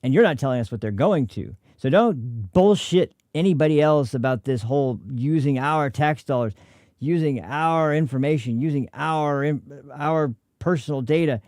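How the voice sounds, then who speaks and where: A man's voice: a little high, moderate pace, darkish tone, dry recording, studio quality. Angry, profane American man ranting. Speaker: political commentary host. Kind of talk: livestream commentary reacting to clips.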